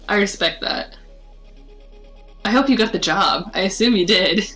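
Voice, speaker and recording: A woman's voice: mid-range voice, a little slow, fairly bright tone, faint music behind, low-quality recording. A woman co-hosting a casual stream chat, teasing and laughing often.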